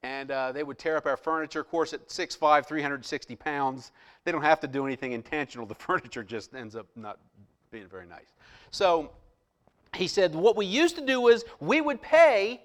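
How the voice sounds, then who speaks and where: A middle-aged man, a pastor, telling a personal story in a sermon, quoting others and dropping into a hushed voice for inner thoughts. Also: a little high, moderate pace. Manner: animated storyteller, drops to hushed voice for quoted lines.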